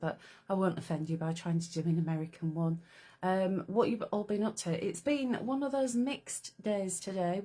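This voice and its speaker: A woman's voice: on the low side, warm tone. A woman hosting a casual live craft stream, chatting away and greeting viewers by name. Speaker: livestream host.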